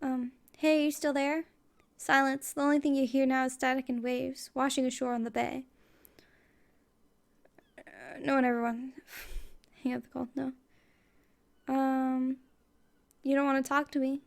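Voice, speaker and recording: Brief: gravelly-voiced woman gamer narrating text casually. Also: high voice, level tone, unhurried, pauses often. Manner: casual, wry asides. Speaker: let's play gamer. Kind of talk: reading game text aloud.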